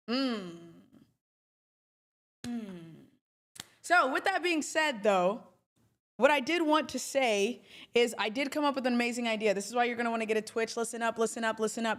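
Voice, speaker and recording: A young woman hosting a trading livestream, talking in a chatty, emphatic and animated way. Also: fairly high pitch. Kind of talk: casual livestream talk.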